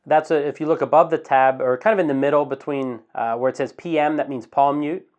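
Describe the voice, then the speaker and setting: A man teaching a guitar strumming lesson in a relaxed, casual way, counting the beats slowly aloud. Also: fairly high pitch, dull audio. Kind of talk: casual instructional talk. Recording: guitar playing in the background.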